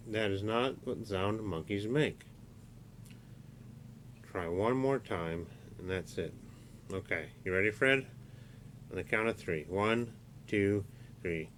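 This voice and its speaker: A man's voice: lowish voice, slow pace, pauses often. A man doing a playful puppet skit for his young nephews, acting as the patient, mock-stern straight man to his puppet.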